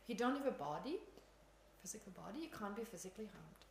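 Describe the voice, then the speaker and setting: A woman's voice: medium pitch, expressive, fast talker, vocal fry, darkish tone, a little hiss or hum. A woman teaching Buddhism in an informal dharma talk, chatty, laughing often and poking fun at herself. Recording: echoey room, faint ambience.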